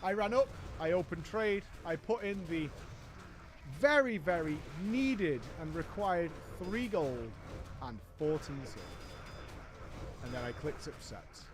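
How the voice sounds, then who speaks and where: A man's voice: on the high side, expressive, a little slow, background noise. A man telling a comic story from an online game, wry and exasperated. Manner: wry, exasperated, often laughing. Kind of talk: comic gaming story narration.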